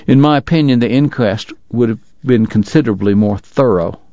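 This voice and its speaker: A man's voice: lowish voice, moderate pace, dark tone, no echo, lo-fi sound, lightly acted. A man voicing a formal, long-winded Southern dentist and gambler with a drawl, in a read-aloud story.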